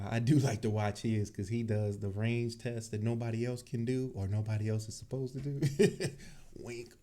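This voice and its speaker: Laid-back man with a deep, dark voice. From Cleveland, Ohio. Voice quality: deep bassy voice. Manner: laid-back, chatty, laughs often. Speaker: tech channel host. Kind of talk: casual livestream chat. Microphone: desk microphone.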